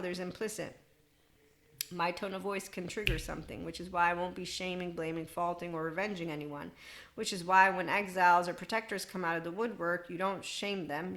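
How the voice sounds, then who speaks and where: A woman in her forties talks through a self-help podcast on her own in a slightly low voice. She rambles from thought to thought with an irreverent, offhand manner. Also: fairly bright tone. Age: 40s. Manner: rambling, irreverent, laughing asides. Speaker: podcast host. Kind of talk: solo spiritual self-help monologue.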